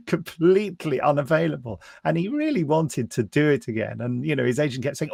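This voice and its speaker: An older man, an audio drama producer and actor, chatting in a relaxed way on a video call and laughing often. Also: fairly high pitch, moderate pace, vocal fry, no room sound, studio quality. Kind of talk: casual interview over video call.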